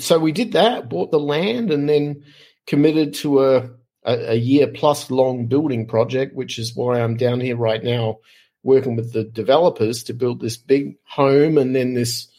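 Middle-aged Aussie male podcast guest, slightly raspy, chatty animated storyteller. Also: mid-range voice, unhurried. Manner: animated, lively anecdotes with frequent fillers. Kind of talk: casual storytelling.

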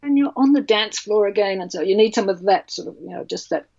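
A woman's voice: mid-range voice, fast talker, vocal fry, a little mellow, no echo, dull audio. A woman, speaking passionately and bluntly as a childbirth educator in an interview. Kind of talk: podcast interview.

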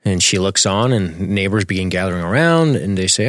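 A man's voice: sits low, normal speed, few pauses, no room sound. A man co-hosting a podcast, chatting casually as he recaps a TV episode and reads questions from the chat. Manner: relaxed, laughs often, reads chat questions. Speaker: podcast co-host.

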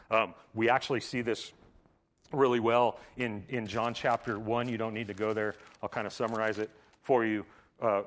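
With a fairly low voice, a pastor delivers a casual, conversational sermon at a church service. He peppers it with "like" and swings between loud, emphatic bursts and hushed lines.

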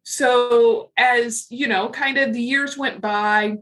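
A woman's voice: on the high side, steady tone, takes it slowly, a bit bright. A middle-aged woman talking frankly and casually as a podcast guest, with lots of fillers. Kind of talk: casual interview chat.

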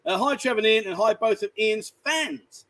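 A man's voice: sits high, moderate pace, fairly bright tone, rough recording. A man hosting a livestream from a bar, chatting casually, teasing and rambling. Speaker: livestream host. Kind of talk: casual banter. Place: bar, indoors.

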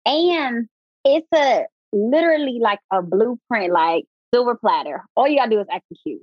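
A woman guest coach chatting casually in an interview, animated and slangy, often laughing. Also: on the high side, moderate pace, no room sound. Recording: dull lo-fi dry sound.

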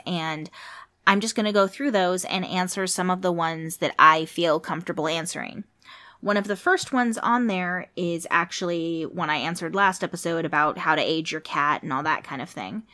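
A woman's voice: on the low side, sharp tone. Chatty woman explaining cat care. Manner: chatty, explanatory, with fillers and asides. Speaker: podcast host who works at a cat hospital. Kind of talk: casual informational podcast monologue.

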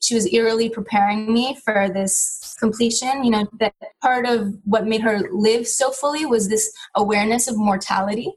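A woman's voice: a little high, moderate pace, hardly any pauses, low-quality recording. A middle-aged woman, a guest in an interview, telling a personal story in an earnest, reflective way with frequent restarts.

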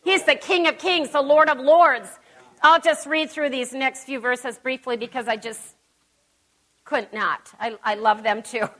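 Woman preacher, high bright voice, folksy and emphatic, church sermon. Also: fairly even intonation, measured pace. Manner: emphatic, folksy, chatty asides. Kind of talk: conversational sermon. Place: church service.

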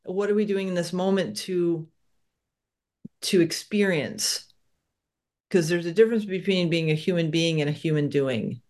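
A woman hosting a spiritual podcast, talking in a reflective, animated way about her own experiences. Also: lowish voice, moderate pace, pauses often. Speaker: podcast host. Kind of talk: spiritual interview talk.

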